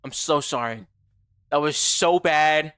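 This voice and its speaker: A young man chatting live while he plays a game, loose and casual, with frequent swearing as he answers his chat. His voice is bright and clear and sits a little high for a man. The sound is dry and close. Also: slow, no echo. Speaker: game streamer.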